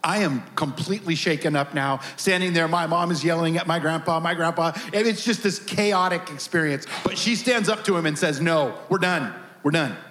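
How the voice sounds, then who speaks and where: High-voiced animated preacher man. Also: a little fast, hardly any pauses. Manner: animated storytelling, acts out voices. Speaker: pastor. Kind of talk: sermon with personal story.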